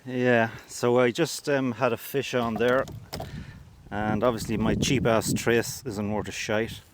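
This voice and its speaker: A man's voice: medium pitch, level tone, a little slow. A man chatting casually and wryly from a canoe, swearing now and then, recorded on an action camera. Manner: laid-back, wry, a bit sweary. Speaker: vlogger. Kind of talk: casual outdoor chat. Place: canoe on a windy river outdoors. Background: wind and outdoor noise.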